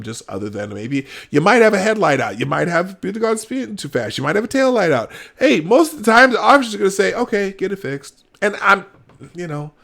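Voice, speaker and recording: A man's voice: a little high, gravelly, fairly bright tone. A middle-aged man hosting a live show, giving emphatic commentary with laughs. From Minnesota, United States. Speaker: host. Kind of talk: animated commentary.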